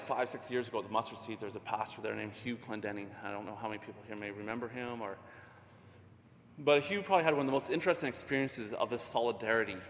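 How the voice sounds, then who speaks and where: Middle-aged man, earnest conversational preacher, mid-pitched, long hall reverb. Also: fairly bright tone. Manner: earnest, conversational, many restarts. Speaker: ministry leader. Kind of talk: sermon.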